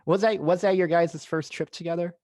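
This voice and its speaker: Friendly podcast host, dry sound. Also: male voice, fairly high pitch, fairly even intonation, brisk, darkish tone, dry recording. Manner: curious, laughs easily, prompts guests. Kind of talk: casual interview.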